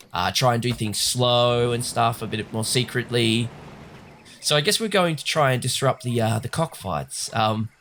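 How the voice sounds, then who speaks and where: A man's voice: medium pitch, fairly bright tone. A man, rambling chattily while commenting on a video game. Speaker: gaming host. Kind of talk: casual let's-play commentary.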